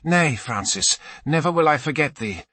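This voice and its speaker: A man's voice: fairly high pitch, expressive, moderate pace, bright, forceful tone, no room sound, pitched above the performer's own voice. A man voicing a fervent young male squire who speaks in old-fashioned, emotional phrases. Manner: archaic speech, fervent and emotional. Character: eager, earnest young male squire, boyish.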